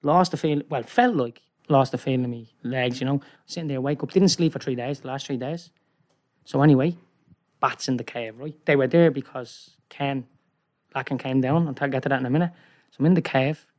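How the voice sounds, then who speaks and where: A man telling a long, rambling story in casual chat, excitable and peppering his talk with "right?". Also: mid-range voice, a little fast. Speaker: guest.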